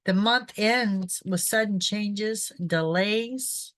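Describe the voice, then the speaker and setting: A woman's voice: medium pitch, measured pace, hardly any pauses, no echo. A woman, a psychic host giving a casual, chatty horoscope reading, often checking in with "okay?". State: throat irritated by pollen. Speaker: psychic reader, show host.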